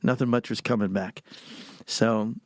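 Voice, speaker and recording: A man's voice: on the low side, steady tone, unhurried, no room sound, clean studio sound. A man in his sixties from Pennsylvania, a podcast guest telling rambling anecdotes with frequent chuckles. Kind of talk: casual storytelling.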